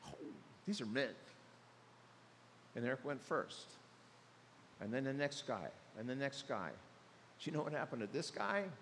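A man preaching a sermon as pastor, animated and acting out the voices of the people he describes. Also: mid-range voice, normal speed, long pauses, in a large hall, slight background noise. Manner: animated, acts out voices of others. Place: church sanctuary.

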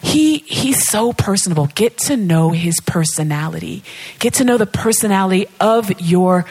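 Husky-voiced woman preaching, playful and animated, acts out little chats with god. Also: medium pitch, moderate pace. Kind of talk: sermon.

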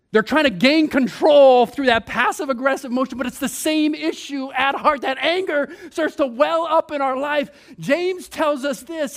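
Animated, high-voiced preacher. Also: male voice, moderate pace, gravelly, hardly any pauses. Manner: animated, playful, mimics himself and others, drops to a hushed tone on scripture. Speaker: pastor. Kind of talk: sermon.

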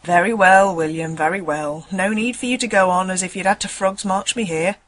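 A woman's voice: mid-range voice, steady tone, normal speed, fairly bright tone, natural voice. A woman voicing a chatty, indignant male tram conductor, rambling in folksy dialect. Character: chatty working-class male tram conductor, middle-aged.

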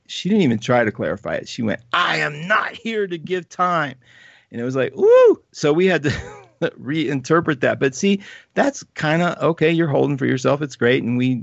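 A man hosting a live astrology talk show, reading viewer comments in an animated, chatty way and laughing often. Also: mid-range voice, creaky, dry recording, highs cut off.

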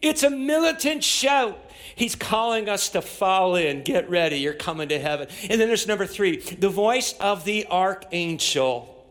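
A pastor preaching a sermon to a church congregation, walking through scripture and building to emphatic, raised-voice exhortation. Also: male voice, high-pitched, fairly bright tone. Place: church with in-person and online audience.

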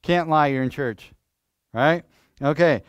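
A pastor preaching in church, lively and questioning, restarting phrases and asking the congregation things. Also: male voice, on the high side, takes it slowly, clean tone, no echo. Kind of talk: sermon.

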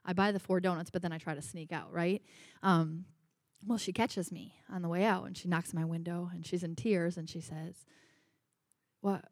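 A pastor's wife shares personal stories in church as a testimony, chatting along with lots of filler words. Her voice is fairly low with fairly even intonation, and she talks fairly quickly. The sound is clean studio quality with no room sound.

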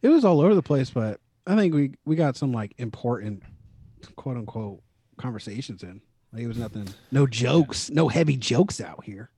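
A man's voice: medium pitch, animated, moderate pace, dark tone, slightly rough, dry recording. A man, co-hosting a casual podcast, joking and laughing with playful asides. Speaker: podcast co-host. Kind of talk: casual chat.

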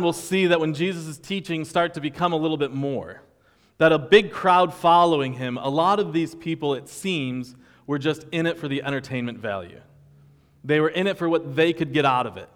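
Man, pastor, sermon, casual and wry, higher voice, long reverb. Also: a bit bright. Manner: conversational, wry, acts out quoted voices.

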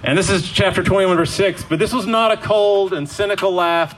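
A man's voice: sits high, brisk, fairly bright tone, a little hiss or hum, low-quality recording. A man preaching a sermon in a casual, conversational way, acting out the quoted lines as he goes.

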